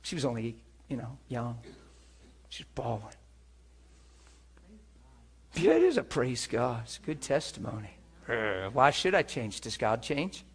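A man's voice: medium pitch, big pitch swings, a little slow. A man preaching a sermon, telling an earnest testimony to his church with emphatic rhetorical questions. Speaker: pastor.

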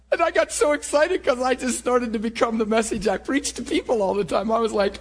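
A man preaching and telling his own story in a sermon, with animated storytelling that rises to shouts. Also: extremely high pitch, brisk, hardly any pauses. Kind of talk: sermon testimony.

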